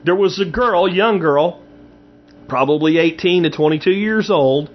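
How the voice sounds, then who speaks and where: A man's voice: high voice, unhurried, lo-fi sound. A man hosting his own show, giving a blunt, emphatic commentary monologue straight to his listeners. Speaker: show host.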